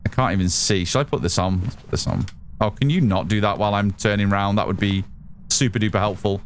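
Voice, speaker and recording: Speaking quickly in a lowish voice, this UK man chats with viewers while gaming on a live stream, reading and replying to chat messages. There's slight background noise.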